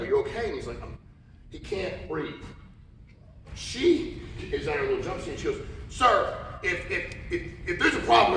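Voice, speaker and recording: A man's voice: a little high, background noise. A man speaking at a conference, telling stories and acting out the voices of people in them. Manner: animated storyteller, acts out quotes. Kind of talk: storytelling keynote talk. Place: large conference hall. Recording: echoey hall from far off.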